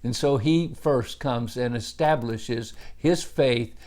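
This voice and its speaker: A man's voice: medium pitch, takes it slowly, darkish tone. A male pastor giving a devotional Bible teaching, earnest in tone, with rising emphasis on key words and frequent "uh" fillers.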